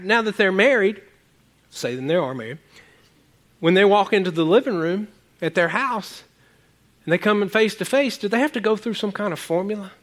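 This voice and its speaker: A man preaching a sermon as pastor, animated and joking with his congregation, his voice jumping to excited peaks. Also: high voice.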